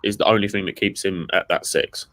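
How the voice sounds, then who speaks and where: A man's voice: low voice, steady tone, brisk, fairly bright tone, no echo. A man on a casual panel who speaks briefly and matter-of-factly. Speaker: podcast panelist. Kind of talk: casual chat.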